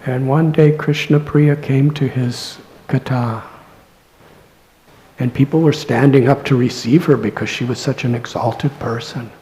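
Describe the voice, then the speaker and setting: Soft-spoken male monk giving a devotional lecture. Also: medium pitch, fairly even intonation, a little slow, poor audio. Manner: soft-spoken, drops to near-whispers. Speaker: monk lecturing a scripture class. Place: temple class.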